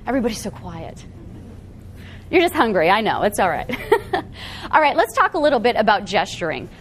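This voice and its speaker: A woman giving a live seminar talk to an audience in a meeting room, animated and often checking in with the room. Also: fairly high pitch, a little hiss or hum. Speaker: workshop presenter.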